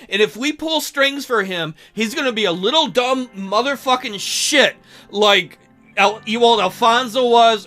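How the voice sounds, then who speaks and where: A man's voice: extremely high pitch, bright, forceful tone. A man hosting a let's play, reading game text aloud and reacting with sarcastic, profane commentary.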